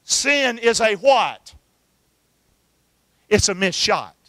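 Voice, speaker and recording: A middle-aged man preaches, his voice high-pitched and ringing bright. He works the room with call-and-response, pressing the congregation for answers. The sound is close and dry, with almost no room echo. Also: very animated, extremely slow. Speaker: pastor. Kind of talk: sermon.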